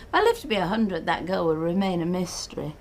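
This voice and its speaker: A woman's voice: fairly low pitch, big pitch swings, fast, slight background noise. An actress playing a prim, wry middle-aged English widow reading out her letter, with an English accent.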